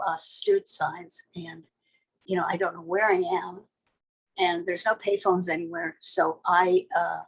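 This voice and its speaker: Husky older woman telling a blunt story. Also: lowish voice, poor audio. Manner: vivid, blunt, profane storytelling. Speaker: tattoo artist telling a story. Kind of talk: casual storytelling.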